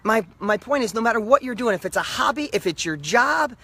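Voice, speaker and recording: Middle-aged male motivational speaker, high voice, punchy repeated lines, direct to camera. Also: expressive, fairly quick, husky. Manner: emphatic, repetitive, swings loud and soft.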